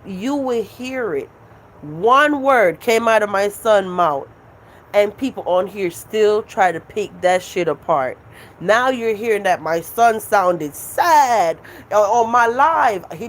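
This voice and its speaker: Frustrated woman venting on a live stream. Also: on the high side. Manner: venting, profane, emphatic repetition. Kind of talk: casual live-stream rant.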